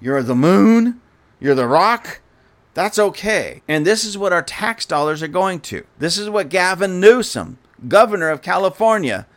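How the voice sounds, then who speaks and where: A male commentator rants with open scorn and heavy sarcasm. His voice sits a bit high and swings widely in pitch. He addresses listeners directly and indignantly. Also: lively intonation, unhurried. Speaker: political commentator.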